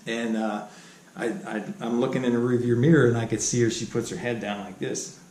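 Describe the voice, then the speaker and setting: A man's voice: medium pitch, fairly even intonation, moderate pace, a little mellow. A middle-aged man casually telling stories from his own life, rambling with many fillers and restarts and chuckling as he goes. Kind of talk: casual spoken storytelling. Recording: roomy recording with faint background hum.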